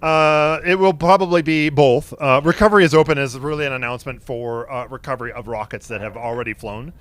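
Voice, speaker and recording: A man's voice: mid-range voice, fairly quick, a bit bright, no room sound. A man co-hosting a live broadcast, easygoing and dry, explaining things plainly. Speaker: livestream co-commentator. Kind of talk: casual broadcast commentary.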